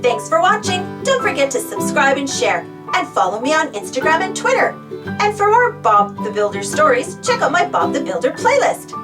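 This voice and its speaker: A woman gently reading a children's storybook aloud as a storyteller. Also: sits high, sing-song, moderate pace, far from the mic, music in the background.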